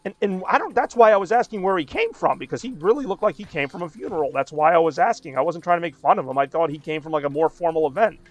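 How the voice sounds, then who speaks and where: A man's voice: on the high side, animated, fast, hardly any pauses, highs cut off, soft background music. A man in his thirties streaming a game and chatting casually, rambling with lots of fillers. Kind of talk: casual chat while gaming.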